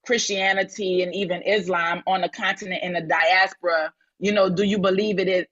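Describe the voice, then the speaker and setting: A woman's voice: on the low side, a bit bright. A woman from New Orleans speaking in a live audio-chat room, telling stories effusively, with many restarts. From New Orleans, USA. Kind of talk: casual chat. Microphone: phone in an audio-chat app. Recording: lo-fi online audio-room sound.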